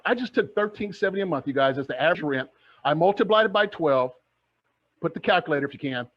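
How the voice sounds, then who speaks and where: A middle-aged man giving an energetic motivational talk on real estate investing, asking his audience rhetorical questions. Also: high voice, lo-fi sound. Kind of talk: motivational online presentation.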